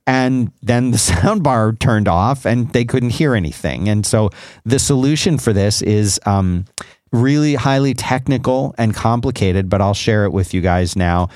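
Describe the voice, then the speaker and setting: A man's voice: lowish voice, measured pace, a little mellow, dry recording, clean studio sound. A man co-hosting a podcast, explaining gadgets in a rambling, self-correcting casual chat. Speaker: podcast co-host.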